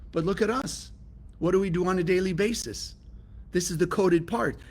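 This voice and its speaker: A man from California teaching a spiritual lesson, emphatic and often asking his listeners rhetorical questions. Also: high-pitched. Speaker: Kabbalah teacher.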